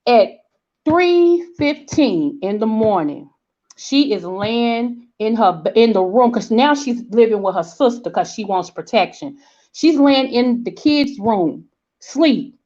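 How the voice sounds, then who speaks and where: A woman's voice: fairly high pitch, slow. A woman in her forties with a Southern American accent, telling a story in casual chat and acting out the voices of people in it. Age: 40s. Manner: animated storyteller, acts out quoted voices, checks in with "okay?". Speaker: vlog host. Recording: dull lo-fi sound.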